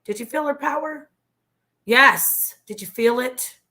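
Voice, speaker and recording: A woman speaking as a guest on a talk show, with a bright, forceful voice. She is passionate and preachy. She drops into a whisper to drive a point home. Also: high-pitched, a little slow. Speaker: guest, former member of a religious group. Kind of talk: emphatic talk-show storytelling.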